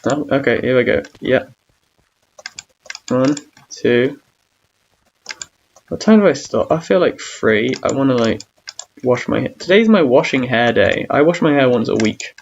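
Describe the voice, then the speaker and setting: Creaky and mid-range with lively intonation, a young gamer streamer talks unhurriedly and pauses often, rambling self-mockingly about his awkwardness and humming or singing between remarks. The audio has its highs cut off and a little hiss or hum.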